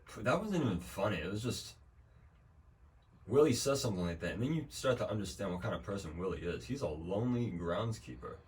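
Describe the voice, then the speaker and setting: A man's voice: fairly low pitch, lively intonation, brisk. A young man streaming a video game, talking in a loose, rambling way with dry jokes and plenty of swearing. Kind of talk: casual gameplay commentary. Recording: distant mic with faint background noise.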